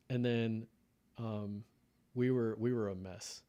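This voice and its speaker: Man, thirties, low pitch, warm mellow tone, earnest casual storytelling. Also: fairly even intonation, takes it slowly, muffled recording. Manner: earnest, emotional personal storytelling. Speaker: podcast guest. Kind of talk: casual conversation.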